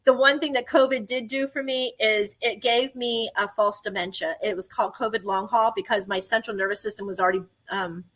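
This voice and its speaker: A woman's voice: medium pitch, steady tone, fairly quick, few pauses, a bit bright. A woman telling her own story in casual chat, emphatic and exclaiming at times.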